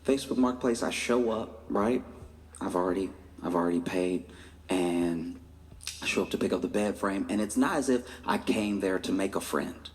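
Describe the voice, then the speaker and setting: A man's voice: low voice, normal speed. A man does stand-up storytelling in a chatty, easygoing way, slipping into other people's voices now and then. The sound comes from a reverberant stage with long echo. A faint hiss sits under it. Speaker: stand-up comedian.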